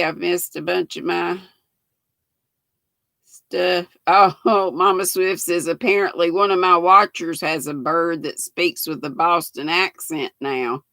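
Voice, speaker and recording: An older woman in her sixties with a drawl hosts a relaxed livestream, reading out chat messages and greeting viewers by name. She talks slowly in a gravelly voice with a bright edge, close to the mic in a dry room. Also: on the low side, dry recording. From United States. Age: 60s. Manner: chatty, reads viewer comments aloud and greets viewers by name. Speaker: channel host reading live chat.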